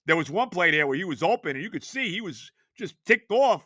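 Bright, emphatic older sports-talk host. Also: male voice, sits high, brisk, no room sound, clean studio sound. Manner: animated, emphatic rhetorical questions. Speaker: podcast host.

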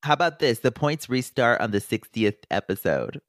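A man's voice: mid-range voice, big pitch swings, moderate pace, no room sound, clean studio sound. A man co-hosting a podcast in casual chat, blunt and exasperated, swearing now and then. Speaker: podcast co-host.

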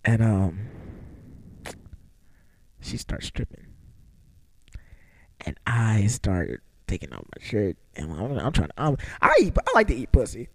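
A man's voice: lowish voice, unhurried, gravelly, pauses often, dry recording. A young man casually telling a crude, comedic personal story, swearing freely and acting out what people said in big voice swings. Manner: animated, profane, acts out quotes in big voice swings. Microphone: own recording setup.

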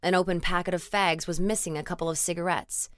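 Woman narrator, low register, steady, dry studio read. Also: fast, no echo. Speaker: audiobook narrator. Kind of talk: scripted narration.

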